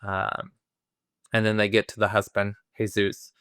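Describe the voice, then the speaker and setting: A man's voice: lowish voice, level tone, unhurried, a bit bright, smooth, no room sound, studio quality. A man co-hosting a film review podcast, casually retelling a plot in a rambling way, full of fillers and acted-out quotes. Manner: rambling, many fillers and restarts, acts out quotes.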